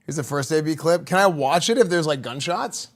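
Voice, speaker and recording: A man's voice: a little high, animated, fairly quick. A man livestreaming, chatting loosely as he reacts to clips, rambling with lots of "like" and "dude". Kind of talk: casual chat.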